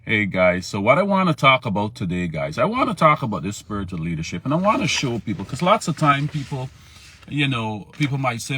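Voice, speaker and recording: A man's voice: lowish voice, sing-song, fairly quick, fairly bright tone, breathy edge. A man hosting a live morning devotional stream, talking informally, greeting viewers by name and repeating himself. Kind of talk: casual live-stream Bible talk.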